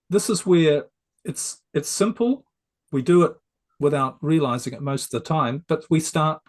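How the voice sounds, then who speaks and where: A man who is a success coach, a guest on an interview show, explaining ideas in a gently persuasive, conversational way. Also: fairly high pitch.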